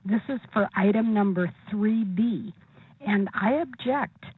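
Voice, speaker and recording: A woman's voice: mid-range voice, slow, slightly rough. A woman phoning in a public comment, careful and precise, spelling out her name. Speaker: caller giving public comment. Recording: dry tinny phone line.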